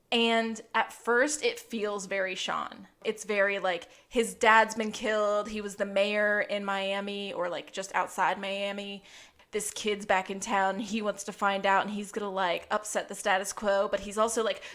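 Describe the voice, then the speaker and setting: A woman co-hosting a chatty podcast, rambling through a recap with plenty of filler words. She laughs easily, and her voice sits at an ordinary middle pitch. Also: steady tone, unhurried, a bit bright. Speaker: podcast co-host. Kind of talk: casual chat.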